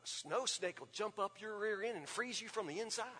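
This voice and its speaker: Man playing teasing father, deadpan, mock-serious, quiet, hall echo. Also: very high-pitched, measured pace, a little hiss or hum, full character voice. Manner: dry, mock-serious warning. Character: teasing lazy father telling a tall tale. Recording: long reverb of a large hall.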